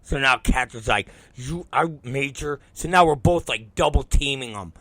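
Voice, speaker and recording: A medium-pitched man talks briskly, with no echo, while hosting a show. Animated and swearing heavily, he tells a profane comic story and performs the quoted lines.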